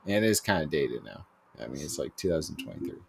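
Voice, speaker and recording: A man's voice: rumbling low, big pitch swings, fast, vocal fry, slight background noise. A young man co-hosting a podcast in casual chat, rambling with lots of fillers and cursing. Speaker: podcast co-host.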